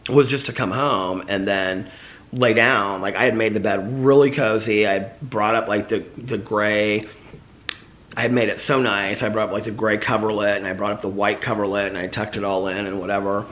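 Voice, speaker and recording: A man's voice: fairly low pitch, steady tone, normal speed, fairly bright tone. A man vlogging casually with a slight lisp and a sore mouth after losing a tooth, rambling about his day with lots of fillers. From United States. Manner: rambling, chatty, filler-heavy. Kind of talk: casual daily vlog chat.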